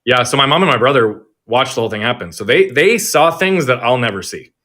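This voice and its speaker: A man's voice: medium pitch, lively intonation, fairly quick, bright, forceful tone. A man who is a guest on an interview show, reflecting earnestly on a past experience and how it affected his family. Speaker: guest, performance coach. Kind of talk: conversational interview.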